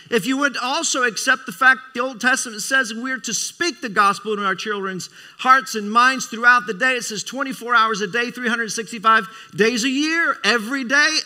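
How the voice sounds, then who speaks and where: A man's voice: sits high, sharp tone. A middle-aged man preaching a sermon, emphatic, repeating phrases and calling for amens. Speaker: preacher, Christian school leader.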